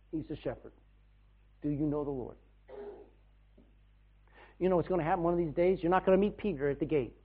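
A man preaching a sermon to his church in a folksy way, swinging between loud bursts and soft asides. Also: on the high side. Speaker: pastor. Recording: tinny, phone-like band.

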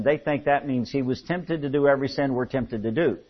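Folksy American preacher, muffled recording. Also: male voice, mid-range voice, a little fast, hardly any pauses. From United States. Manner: folksy, animated storytelling with jokes. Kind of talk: sermon with humorous anecdotes. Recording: muffled lo-fi sound.

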